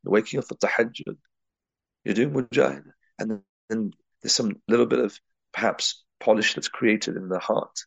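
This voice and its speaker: A man's voice: fairly low pitch, normal speed, vocal fry, a bit bright, husky, dry recording, highs cut off. A man from England giving a reflective spiritual talk, telling a personal story and weaving in Arabic and Urdu religious terms. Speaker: religious teacher.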